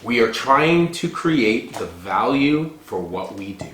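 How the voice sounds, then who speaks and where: A man's voice: mid-range voice, sing-song, slow pace, fairly bright tone, roomy sound, a little hiss or hum. A man co-hosting a casual podcast, chatty and loose, full of "like" and "dude" fillers. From Canada. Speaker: podcast co-host.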